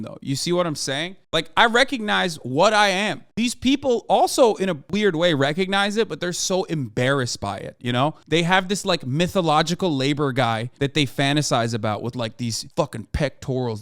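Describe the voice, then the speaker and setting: A man's voice: on the high side, fairly bright tone, smooth, dry recording, studio quality. A male streamer giving a heated, profanity-laced commentary rant on his livestream.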